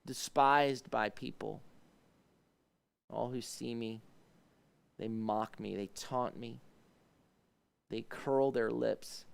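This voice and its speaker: Gravelly, smooth-voiced male pastor teaching. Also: steady tone, takes it slowly, long pauses. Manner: explains Hebrew words, rises in pitch when voicing pleading questions. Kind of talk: devotional Bible teaching. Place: ministry livestream.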